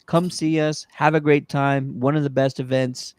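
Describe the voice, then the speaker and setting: A man's voice: medium pitch, flat delivery, moderate pace, a little mellow, clear, resonant tone, no room sound, clean studio sound. A man hosting a podcast in casual chat, upbeat and promotional, with frequent restarts. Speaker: podcast host.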